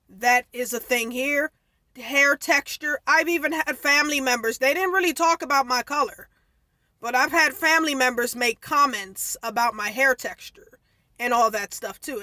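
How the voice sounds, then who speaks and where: A woman's voice: high-pitched, sharp tone, no echo. A woman giving casual, opinionated commentary as a vlogger, wandering into digressions to explain history.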